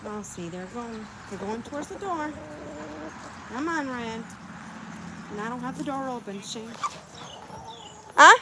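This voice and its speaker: Brief: high, unhurried woman vlogger coaxing chickens into a backyard coop, faint birds and outdoor sounds around. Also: animated, background noise. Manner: coaxing, talks to her animals. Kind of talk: casual vlog chat.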